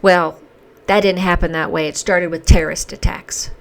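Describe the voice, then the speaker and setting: A woman's voice: lowish voice, fairly even intonation, moderate pace, gravelly. A woman giving an emotional, indignant opinion monologue as the host of a commentary channel. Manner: impassioned, indignant, emphatic. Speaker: commentary vlogger.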